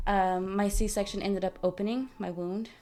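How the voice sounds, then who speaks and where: Young woman, podcast guest, casual storytelling, acts out dialogue, "dude" and "like", mid pitch. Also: normal speed. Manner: lively, acts out quoted dialogue, says "dude" and "like" often.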